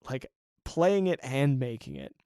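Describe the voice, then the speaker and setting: Solo podcast host, man, middle pitch, eager and rambling, laughs often, dry booth sound. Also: huge pitch swings, a little slow, warm tone, smooth, dry recording. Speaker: podcast host and hobby game developer. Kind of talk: casual solo podcast monologue.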